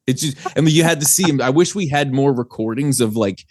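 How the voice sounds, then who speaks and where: A man's voice: mid-range voice, fairly quick, darkish tone, no room sound, studio quality. A young man from New Jersey, a guest, chatting casually on a podcast in a laid-back, rambling way and swearing freely. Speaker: guest, band singer.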